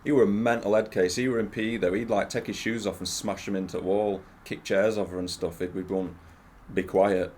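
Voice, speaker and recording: A man's voice: fairly low pitch, steady tone, a little fast, few pauses, a little mellow, a little hiss or hum. A young man chatting as a podcast guest, laid-back and hesitant, with many fillers. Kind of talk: casual chat.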